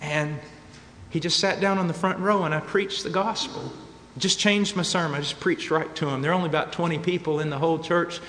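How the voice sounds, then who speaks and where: A man's voice: on the high side, fairly even intonation, brisk, slight background noise. Impassioned preacher man in a big hall. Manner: impassioned, rising to shouted peaks. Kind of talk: sermon storytelling. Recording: reverberant hall with faint ambience.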